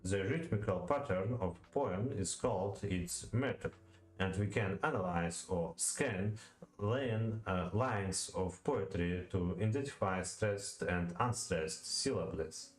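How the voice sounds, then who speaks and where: Slow, deep-voiced man reading study notes. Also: reverberant. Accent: Russian. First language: Russian. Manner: halting, many fillers, repeats words to practice pronunciation. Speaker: language learner studying poetry. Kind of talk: reading aloud and thinking aloud while studying.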